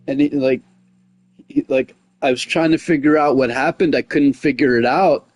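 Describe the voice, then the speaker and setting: Rambling casually on a gaming livestream, a man leans on "like" and "you know what I mean," and when he recounts a conflict he gets heated and loud. His voice is fairly high, his pace moderate, with no echo.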